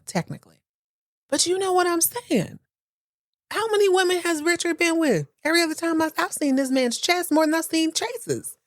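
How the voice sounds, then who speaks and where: A woman's voice: high-pitched, no room sound. Woman, podcast host, comic soap recap, slangy asides, dry close mic. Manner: sassy, slangy, playful asides. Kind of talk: comedic TV recap.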